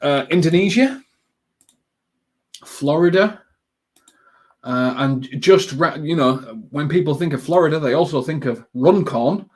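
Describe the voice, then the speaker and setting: A man hosting a live football watchalong, chatting casually with viewers in a rambling way, full of ums and quick excited bursts at the action. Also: fairly high pitch.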